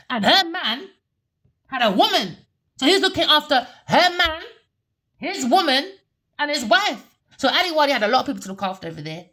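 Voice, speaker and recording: A woman rants through a tarot reading, her fairly high voice heated and full of curses. She repeats herself and scolds the people she talks about. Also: sharp tone. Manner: heated, cursing, repetitive. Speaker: tarot reader.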